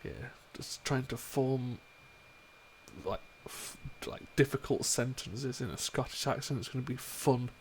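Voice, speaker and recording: A relaxed English man talking shop with his gaming group, loose and chatty, dropping the odd swear word. His voice sits in a middling pitch, with a faint hiss behind it on a home microphone. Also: a little slow. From England. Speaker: player. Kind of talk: casual chat between game sessions.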